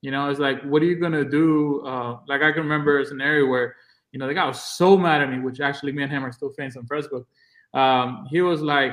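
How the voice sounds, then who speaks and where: A man's voice: mid-range voice, fairly even intonation, fast, fairly bright tone. A man guest on an interview podcast, casually telling stories in a blunt, to-the-point way and acting out the dialogue. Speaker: podcast guest, real estate agent.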